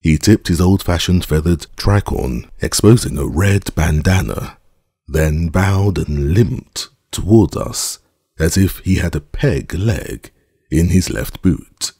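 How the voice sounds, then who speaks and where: A man narrating an audiobook in a measured, formal storytelling manner. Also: low voice, lively intonation, warm tone, slightly rough, dry recording, clean studio sound.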